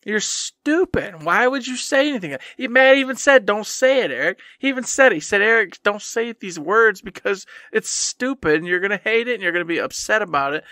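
A man's voice: high-pitched, lively intonation, fairly quick, few pauses, sharp tone, no room sound, clean studio sound. A man co-hosting a gaming podcast, scolding his past self in a mock-angry casual rant. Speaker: podcast co-host.

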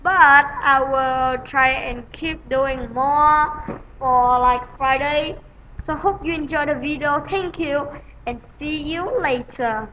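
A woman giving rambling, excitable gameplay commentary on a dull lo-fi home recording, with sudden loud outbursts. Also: high voice, slow pace, a little hiss or hum. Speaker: gaming channel host.

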